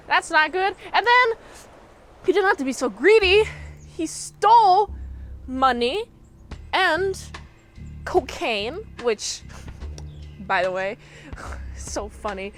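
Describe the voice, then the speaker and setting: A woman's voice: sits high, lively intonation, takes it slowly, a bit bright. A woman casually recapping a movie, rambling and joking, with slang and many asides. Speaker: movie reviewer. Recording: music playing underneath.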